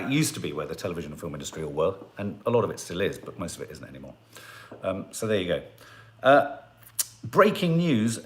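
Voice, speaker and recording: A man's voice: mid-range voice, a bit bright. A man hosting a casual live stream, chatting in a rambling way and reading out viewer comments. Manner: chatty and rambling, with frequent restarts and asides.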